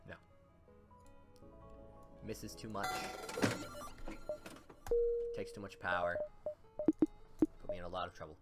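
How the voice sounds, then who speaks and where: A man casually commenting on his own gameplay, chatty and getting loud and excited when things go wrong. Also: deep voice, slow, pauses often. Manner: chatty, gets loud and excited during fights. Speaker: gaming channel host. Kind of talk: let's play commentary. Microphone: desktop mic with face cam. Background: game music.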